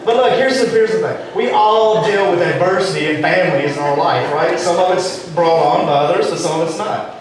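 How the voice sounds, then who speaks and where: A man's voice: high voice, fairly quick, a loud crowd. A man preaching a sermon in a church, telling a story with a joking twist. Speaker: pastor. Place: church sanctuary. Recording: echoey and distant, faint room noise.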